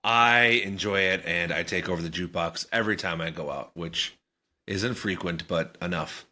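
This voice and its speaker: A man's voice: low-pitched, normal speed, sharp tone. A man co-hosting a podcast, chatting in a laid-back, rambling way and laughing often. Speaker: podcast co-host. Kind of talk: casual banter.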